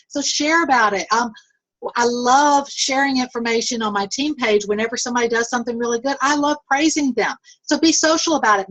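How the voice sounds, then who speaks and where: A woman's voice: fairly high pitch, a bit bright, low-quality recording. Upbeat woman leading a video call. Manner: upbeat, encouraging, many fillers. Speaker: network marketing team leader.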